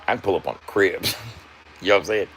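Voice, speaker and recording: A man's voice: low-pitched, fast, a bit bright, a little hiss or hum. A man livestreaming and talking loosely to his chat, swearing freely and laughing often. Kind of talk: casual livestream banter.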